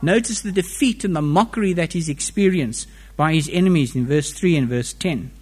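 A man preaching a sermon, reading scripture and explaining it with expressive rises and falls in pitch and volume. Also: normal speed, slightly rough.

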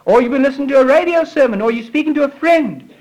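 A man delivering a sermon in a notably high voice. His preaching is fervent, rising to emphatic peaks and falling back low, with phrases repeated for weight. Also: lively intonation, fast, a little mellow, muffled recording. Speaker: pastor.

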